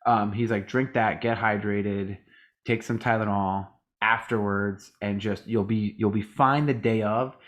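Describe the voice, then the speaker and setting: With a lowish voice, fairly even intonation, and a measured pace, this weary podcast co-host drifts through casual conversation. He curses without restraint and performs what others said.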